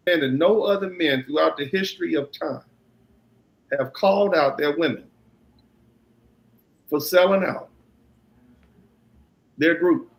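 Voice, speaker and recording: Combative man with a slightly high voice. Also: slow pace, vocal fry, long pauses, low-quality recording. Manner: combative, repeats himself while building a point. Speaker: commentator in a played clip. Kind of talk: argumentative commentary.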